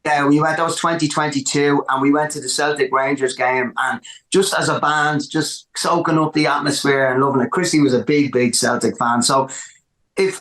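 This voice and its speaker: A man with an Irish accent, a musician telling stories in a casual interview, animated and repeating words for emphasis. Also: on the high side, roomy sound. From Ireland. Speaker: musician guest.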